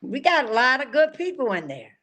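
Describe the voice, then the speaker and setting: Older woman, podcast co-host, loose rambling delivery, gets amped up fast. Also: high voice. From North Carolina. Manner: rambling, excitable, restarts often. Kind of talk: casual chat.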